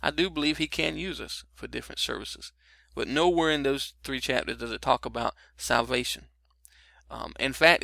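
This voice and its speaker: A man's voice: mid-range voice, gravelly, bright, forceful tone, dry recording. A middle-aged man giving a casual broadcast Bible teaching, explaining verses in a conversational way with frequent fillers and restarts.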